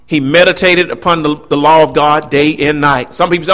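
A preacher man delivers a sermon with a high-pitched, ringing voice. He preaches emphatically, swinging his delivery up and down and tossing asides to the congregation. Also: steady tone, brisk, a bit bright.

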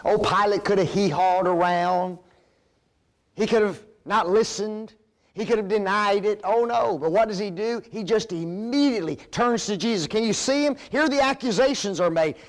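A man's voice: high-pitched, normal speed. A man preaching a Bible lesson, speaking emphatically, calling the listeners folks and asking rhetorical questions. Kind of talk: sermon-style Bible lesson.

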